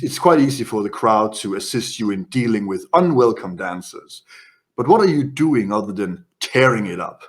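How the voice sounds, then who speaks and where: A man's voice: mid-range voice, fairly bright tone. Man narrating as game master. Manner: descriptive, playful narration with brief character voices. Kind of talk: narrating a tabletop horror game.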